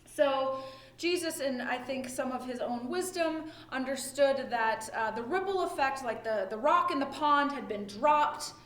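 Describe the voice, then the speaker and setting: A woman's voice: sits high, measured pace, a bit bright. A woman pastor giving a conversational sermon, often checking in with "right?" and thinking aloud as she retells the story. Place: church or home during lockdown worship. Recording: echoey room with faint ambience.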